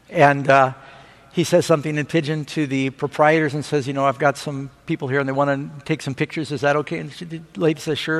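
A man preaching a sermon, telling stories with rising excitement and asking the audience for amens. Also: a little high. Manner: animated storytelling preacher. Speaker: pastor. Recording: long hall reverb.

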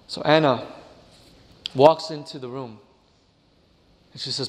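A male preacher telling a story in a sermon, dramatic, often dropping his voice to a hush for effect. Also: medium pitch, steady tone, slow, pauses often, long reverb tail. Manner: dramatic, drops to a hush, addresses listeners as "friends".

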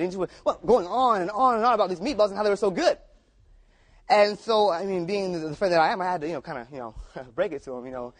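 Man, preacher, storytelling sermon, casual, repetitive, high voice. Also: quick pace.

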